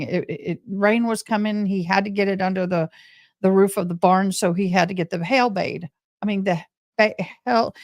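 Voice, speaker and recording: A woman's voice: medium pitch, no room sound, clean studio sound. Chatty Texan woman telling a story. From Texas, USA. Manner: chatty, animated, talks to viewers as y'all. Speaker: livestream host. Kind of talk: casual storytelling to live chat.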